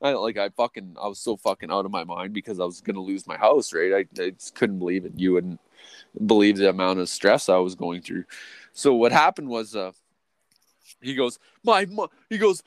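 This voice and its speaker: A man's voice: brisk, no room sound. A man co-hosting a podcast, telling a long story in casual chat, swearing constantly, restarting sentences and tagging lines with "or whatever, right?". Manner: profane, rambling, full of restarts and "or whatever, right"; jumps to a much higher, louder voice when quoting people. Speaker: podcast co-host.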